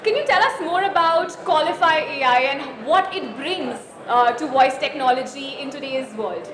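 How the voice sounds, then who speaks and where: A woman's voice: sits high, normal speed. Upbeat female conference host with an Indian English accent, crowd chatter behind. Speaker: event host interviewer. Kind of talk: conference interview. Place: busy conference hall. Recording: echoey hall with crowd chatter.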